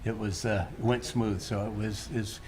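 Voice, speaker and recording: An older man, a painter, rambling and halting through a casual interview in a gallery. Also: lowish voice, steady tone, crowd noise. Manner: rambling, halting, restarts often. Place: art gallery during a live event.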